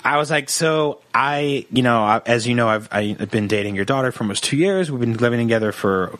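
A young man on a comedy podcast, telling a long personal story in an animated, joking way and acting out the people in it. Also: medium pitch, brisk, dry recording. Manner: animated storyteller, acts out quoted voices. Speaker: podcast co-host.

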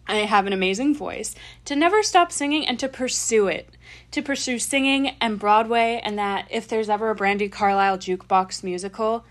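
A young woman chatting casually, telling an excited story with swearing and laughter. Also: fairly high pitch, moderate pace. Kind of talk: casual chat.

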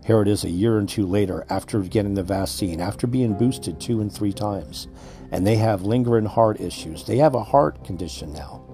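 A man's voice: lowish voice, normal speed, dark tone, soft background music. A man hosting a podcast, delivering an angry, swear-filled rant that lectures his listeners. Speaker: podcast host.

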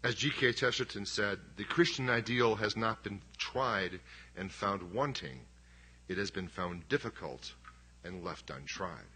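A man's voice: on the low side, measured pace, pushed and bright, husky. A middle-aged man preaching a sermon as pastor, conversational and emphatic, with self-deprecating humor.

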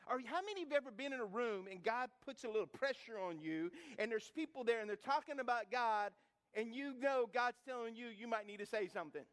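Brief: middle-aged man, high-pitched pastor, folksy humorous sermon, questions the crowd. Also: a little fast. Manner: lively, humorous, rhetorical questions to the congregation; repeats words and restarts while building stories. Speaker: preacher. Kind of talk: sermon with storytelling.

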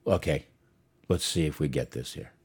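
A man hosting a show, chatting in a relaxed, rambling way as he introduces old radio clips. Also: extremely low pitch, moderate pace, noisy background. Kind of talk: casual chat.

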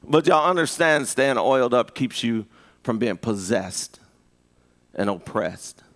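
A man preaching a live sermon, conversational and full of restarts, rising to high emphatic peaks. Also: unhurried, fairly bright tone. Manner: conversational with repeated restarts and rhetorical asks. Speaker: pastor.

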